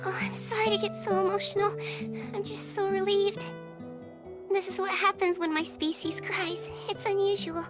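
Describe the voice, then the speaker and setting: An actress voicing a polite, gentle young human girl in an anime dub, speaking in an earnest way. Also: very high voice, little pitch movement, moderate pace, music in the background.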